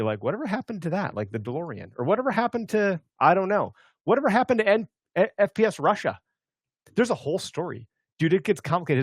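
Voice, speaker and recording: A man's voice: mid-range voice, no echo. A man hosting a hunting podcast, rambling and joking his way through casual banter. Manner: joking, rambling, quick asides. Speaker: podcast host.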